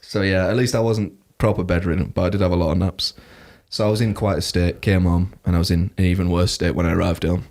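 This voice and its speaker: A man's voice: low-pitched, steady tone, quick pace, few pauses, a little mellow. A young man, chatting casually as podcast co-host, rambling and laughing often. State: recovering from a cough. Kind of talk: casual chat.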